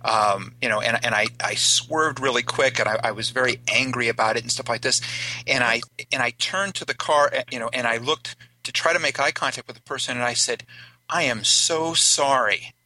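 A man hosting a radio talk show, telling a story in a halting way with many restarts. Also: mid-range voice, bright, forceful tone, low-quality recording. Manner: halting, repeats words while telling a story. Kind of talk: casual radio chat.

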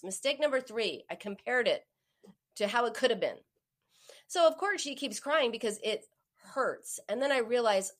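A woman in her forties talks straight to her listener, giving warm, practical advice. She tells stories lively, often leaping up in pitch to act out what others said. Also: normal speed. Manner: animated storyteller, acts out quoted voices with sharp pitch jumps. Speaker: host giving advice on emotional eating. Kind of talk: direct-to-listener advice talk.

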